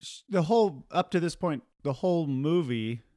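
A man co-hosting a casual film discussion, retelling scenes with bursts of laughter and quick acted quotes. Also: on the high side, animated, warm tone, no room sound, clean studio sound. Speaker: podcast co-host.

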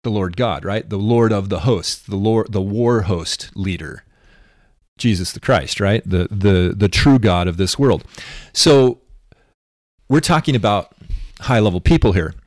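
Low-voiced man musing in dry close sound. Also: a little slow, no echo. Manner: musing, thinks aloud with restarts and tag questions. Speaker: podcast co-host. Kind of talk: casual religious discussion.

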